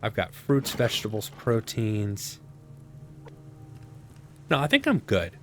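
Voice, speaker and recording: Low-voiced man narrating his gameplay. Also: sing-song, slow, fairly bright tone, a little hiss or hum. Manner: rambling, self-talking, sarcastic asides. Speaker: gameplay commentator. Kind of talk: casual let's-play commentary.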